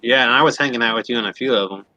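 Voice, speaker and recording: Guy on a stream panel, bright animated voice, playful, dry close sound. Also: mid-range voice, very fast, dry recording, dull audio. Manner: playful, jokes in a mock radio voice. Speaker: panel guest. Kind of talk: casual livestream chat.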